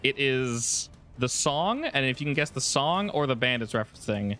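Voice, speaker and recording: A man's voice: mid-range voice, normal speed. A man with an ordinary mid-range voice narrates a tabletop game as its game master. He talks loosely and often restarts his sentences. Faint music plays behind him. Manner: relaxed, with frequent restarts and fillers.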